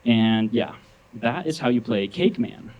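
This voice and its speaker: A small girl who talks dead serious, as if the answer is obvious to everyone, played by a male comedian. Her delivery is flat and matter-of-fact. The voice stays close to the comedian's own, with only a light touch of character. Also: medium pitch, unhurried, highs cut off. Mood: explaining. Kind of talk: stand-up comedy.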